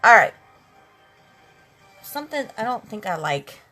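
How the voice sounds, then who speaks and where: A woman's voice: on the high side, big pitch swings, a little slow, bright, forceful tone, low-quality recording. A talkative, sassy woman chatting with viewers during a makeup live stream, calling them girls and honey. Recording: faint music in the background. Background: eighties instrumental music.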